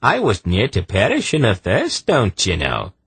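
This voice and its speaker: A man's voice: on the low side, huge pitch swings, moderate pace, fairly bright tone, slight background noise, voice pushed up, full character voice. A man voicing a short, gaudy male juggler who boasts in a flowery, theatrical way with a lilting brogue. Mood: ingratiating.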